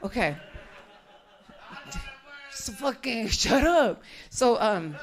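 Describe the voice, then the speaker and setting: A woman comedian working a live stand-up set on a club stage, her voice sitting a little high. She is brash and profane, freely teasing people in the crowd between stories. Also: animated, very slow.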